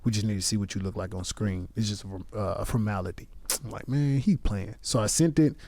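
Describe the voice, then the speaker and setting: A man's voice: lowish voice, a little fast, dark tone. A comedian guest on a podcast, a man telling a loose, profane anecdote with quoted voices in casual chat. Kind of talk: casual storytelling. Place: podcast studio.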